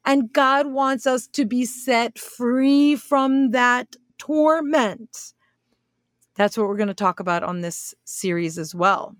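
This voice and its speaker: A woman's voice: on the high side, slow, no room sound, clean studio sound. A woman teaching a Bible study series, reading scripture aloud and explaining it with frequent check-ins to her listeners.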